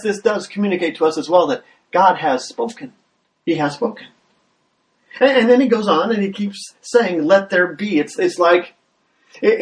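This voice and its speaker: High-voiced pastor preaching from a distance. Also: male voice. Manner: earnest, repeats words when starting, builds with rising questions. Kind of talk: sermon.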